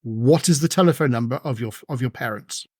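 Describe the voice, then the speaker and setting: A man's voice: mid-range voice, fairly quick, darkish tone, no echo, studio quality, lightly acted. A man voicing a burly, stern male security guard who speaks in brusque commands.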